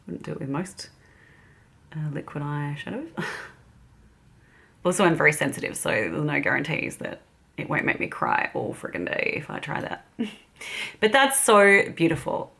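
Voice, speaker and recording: Giggly Australian woman, lively low voice. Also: vocal fry. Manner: chatty and giggly, laughing often. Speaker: beauty vlogger. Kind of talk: casual get-ready-with-me chat.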